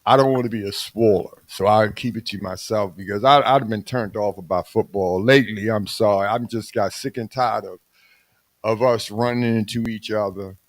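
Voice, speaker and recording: A man's voice: on the low side, fairly even intonation, normal speed, no room sound. Older man, Baltimore accent, casual podcast chat, preachy and teasing, dry close sound. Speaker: podcast co-host.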